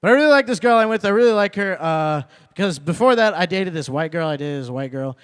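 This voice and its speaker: Young man doing stand-up, high voice. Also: lively intonation, fast, clear, resonant tone. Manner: repeats punchlines, rising to loud indignant rants. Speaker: stand-up comedian. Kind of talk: stand-up comedy set. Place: open mic comedy night venue.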